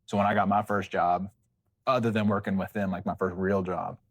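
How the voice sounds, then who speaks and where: A man's voice: low voice, flat delivery, fairly quick, no room sound, studio quality. A man from West Virginia co-hosting a casual chat, joking and emphatic, often repeating himself. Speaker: co-host.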